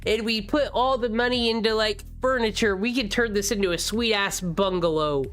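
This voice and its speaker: A woman's voice: medium pitch, normal speed, soft background music. Woman dramatically reading a visual novel. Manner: expressive, jokey asides. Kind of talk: dramatic first-person game narration.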